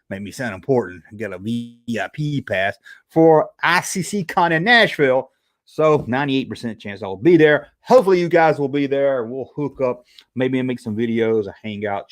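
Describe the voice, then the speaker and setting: A man hosting a casual livestream, reading chat and joking around, yawning now and then. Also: mid-range voice. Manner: chatty, joking, animated retellings. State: sleepy, yawning. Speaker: YouTube host reading live chat.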